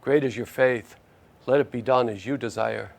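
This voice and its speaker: A man voicing Jesus as a grave teacher, speaking in a measured, solemn way. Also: medium pitch, creaky, lightly acted. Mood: gentle.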